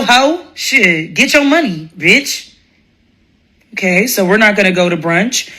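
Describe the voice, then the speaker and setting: A woman hosting a live stream, telling a profane story in a blunt, animated way and laughing often. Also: mid-range voice.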